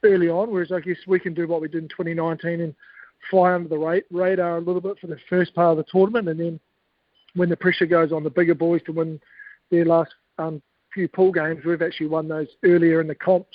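High-voiced Kiwi man spinning yarns. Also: no echo, phone-quality sound. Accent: New Zealand. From New Zealand. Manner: storytelling, laid-back, laughs often. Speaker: guest, former cricketer. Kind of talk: casual podcast chat.

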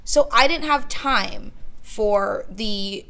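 A woman with a gravelly, fry-edged voice chats casually as a podcast co-host. She rambles through a candid story with lots of restarts. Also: mid-range voice, extremely slow, sharp tone. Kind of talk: casual chat.

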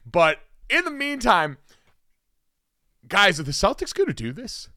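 A young man co-hosting a casual sports talk show, quick and teasing. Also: high-pitched, huge pitch swings, bright, forceful tone, no echo, clean studio sound. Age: young adult. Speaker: co-host.

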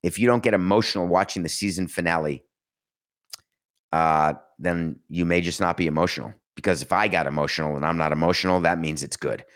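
A man's voice: sits low, a little fast, a bit bright. A man hosting his own podcast, talking emphatically in a solo monologue, full of sarcasm and rhetorical questions. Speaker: podcast host.

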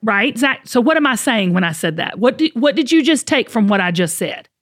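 A middle-aged woman, telling an animated story on a podcast. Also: a little high, brisk. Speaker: podcast co-host.

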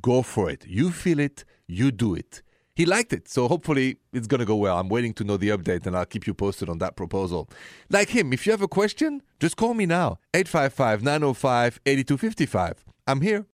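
A middle-aged Frenchman with a thick French accent hosts a call-in advice show, chatty and a little self-deprecating. His voice sits at an ordinary pitch. The sound is dry and close to the mic. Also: sing-song, a little fast, no room sound. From France. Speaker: radio advice show host.

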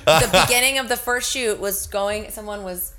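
A woman's voice: medium pitch, normal speed, crowd noise. Laughing woman in casual chat.

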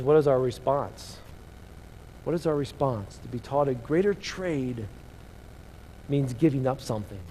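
A man's voice: mid-range voice, slight background noise. A man preaching a sermon, reading scripture and asking the room rhetorical questions, his voice swelling and dropping. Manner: rises and drops in loudness, rhetorical questions. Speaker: pastor. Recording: long hall reverb.

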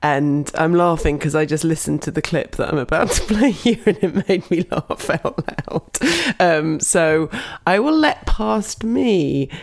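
A woman's voice: low-pitched, expressive, a little slow. A woman in her thirties introducing a story in a casual, giggly, chatty way as a podcast host.

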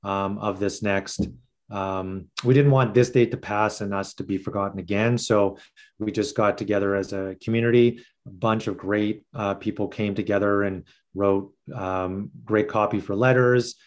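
Low-voiced man, halting guest talk. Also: fairly even intonation. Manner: halting, many fillers, earnest. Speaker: photographer guest. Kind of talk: casual video call chat. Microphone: video call.

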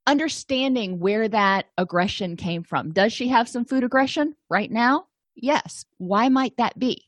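A woman's voice: on the high side, a little slow, no echo. A middle-aged woman giving a conversational lecture as an instructor, thinking aloud with fillers and restarts. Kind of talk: recorded lecture.

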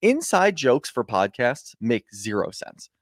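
A man's voice: mid-range voice, sing-song, a little slow, dry recording, clean studio sound. A man co-hosting a casual recap podcast, rambling, profane and exasperated. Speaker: podcast co-host.

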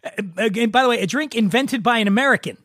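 A man's voice: very high voice, quick pace, a bit bright, no echo, clean studio sound. A man hosting a casual drinks podcast, chatting and telling jokes with frequent stammering restarts. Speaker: podcast host. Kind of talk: casual chat, joke telling.

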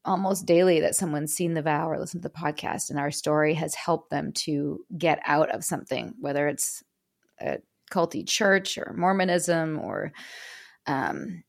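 A woman guest with a lowish voice and a gravelly edge. She talks candidly and emotionally about her life, often breaking off and restarting her sentences. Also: normal speed. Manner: frequent restarts and fillers. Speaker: podcast guest. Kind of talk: casual interview talk.

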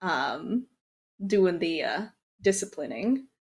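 Giggly woman with an animated voice. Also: lowish voice, slow. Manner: laughs often, hesitant restarts. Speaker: podcast co-host. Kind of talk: casual chat.

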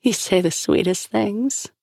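A woman voicing a sharp, teasing young woman who is fond of him but impatient. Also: fairly low pitch, a little slow, no echo, clean studio sound.

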